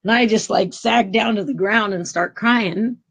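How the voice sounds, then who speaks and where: A woman guest telling a personal spiritual story in an earnest, emotional, halting way. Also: medium pitch, creaky, breathy edge.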